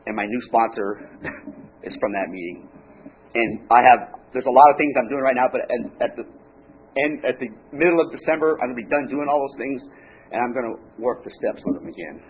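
A man telling his own story at a recovery meeting, in an animated way with halting restarts, then a joke. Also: mid-range voice, slight background noise. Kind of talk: personal share and joke telling. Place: meeting room with an audience. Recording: dull lo-fi room recording, faint crowd.

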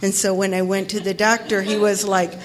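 A middle-aged woman from Ohio telling her own story as a recovery meeting speaker, animated and self-mocking, often laughing. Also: mid-range voice, fairly quick. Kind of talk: personal testimony, storytelling.

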